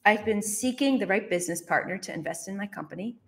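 A woman's voice: medium pitch, quick pace, vocal fry. A woman in her thirties or forties telling a personal business story as a motivational speaker, acting out her own reactions with laughs.

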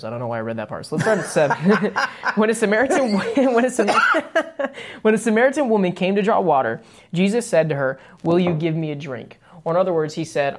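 A man's voice: fairly high pitch, slight background noise. Easygoing male co-host who reads a Bible passage and then unpacks it in plain talk. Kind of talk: casual Bible study chat and scripture reading.

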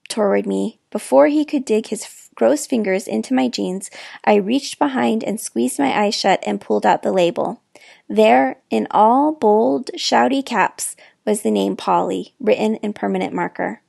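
A woman reading a children's novel aloud in expressive first person, with dramatic hushed moments, close to the mic. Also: fairly high pitch, measured pace, gravelly, dry recording. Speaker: storyteller. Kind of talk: children's book read-aloud.

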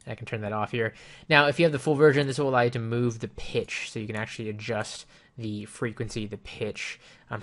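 Low-voiced man walking through software. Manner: relaxed, explanatory, with frequent ums and you-knows. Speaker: software reviewer. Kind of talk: casual screen-recorded software walkthrough. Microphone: desktop microphone with headphones.

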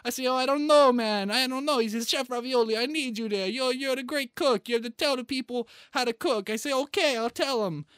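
A man's voice: very high-pitched, fairly quick, few pauses, a bit bright, smooth, no room sound, studio quality. A man playing a boastful, rambling male Italian chef in a put-on Italian-American accent, chatting on video call. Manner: rambles through food lists, pleased with himself. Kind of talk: comedic character improv on video chat.

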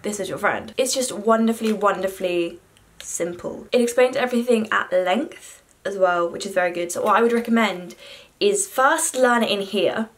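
Young woman vlogger, chatty and self-deprecating, mid-pitched, talking to camera at home. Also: normal speed. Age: young adult. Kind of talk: casual chat to camera.

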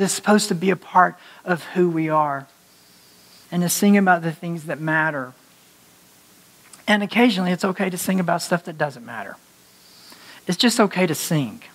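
A high-voiced male pastor delivers a conversational sermon to his congregation in a church sanctuary. He's animated and joking, and he laughs at his own slips of the tongue.

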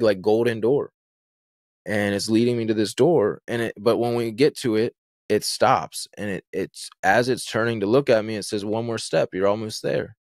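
Young man, lowish voice, dry close mic, rambling storyteller. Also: a little mellow, no room sound. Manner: rambling, fillers and restarts, vivid retelling. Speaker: guest telling his story. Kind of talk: casual storytelling.

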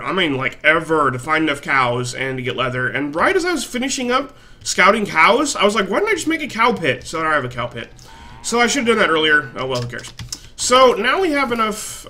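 A man's voice: on the high side, very animated, fairly quick, pushed and bright. A man casually narrating his own gameplay, rambling and swearing freely with a self-mocking streak. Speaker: gaming channel host. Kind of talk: casual let's-play commentary.

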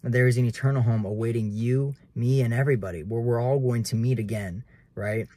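Young man, earnest casual preacher, mellow husky voice, talks straight to viewers. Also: medium pitch, fairly quick, dry recording. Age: 20s. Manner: earnest, keeps addressing viewers as guys. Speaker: realtor vlogger.

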